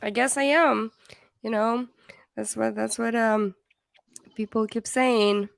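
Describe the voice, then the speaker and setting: A woman's voice: a little high, fairly even intonation, slow, gravelly, no room sound, clean studio sound. A woman hosting a casual livestream, reading comments aloud in a chatty way that laughs easily and trips over words. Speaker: livestream host.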